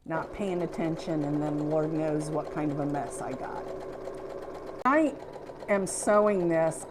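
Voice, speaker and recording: Slow, chatty Midwestern woman teaching quilting. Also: on the low side, noisy background. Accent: Midwestern American. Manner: chatty, folksy, self-deprecating. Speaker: quilting instructor. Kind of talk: casual sewing demonstration. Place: sewing room.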